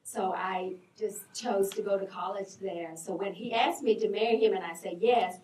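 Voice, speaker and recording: A woman who learned English later in life, speaking as a panelist and telling her story with frequent laughter and halting phrases. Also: mid-range voice, fairly even intonation, a little mellow. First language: not English. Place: movie theater. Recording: echoey room, distant mic, noise.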